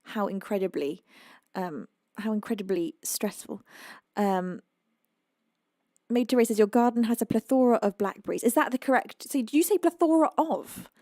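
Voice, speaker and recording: A woman's voice: mid-range voice, expressive, normal speed, mellow, dry recording, clean studio sound. A British woman hosting a live music stream, chatting casually with viewers, reading their messages aloud and exclaiming often. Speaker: livestream music host. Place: home.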